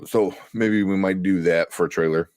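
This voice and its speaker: A man's voice: low-pitched, steady tone, moderate pace, a little mellow, no echo, studio quality. A young man from Chicago with a Chicago accent, hosting a casual live-stream chat, chatty and laughing often. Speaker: show host.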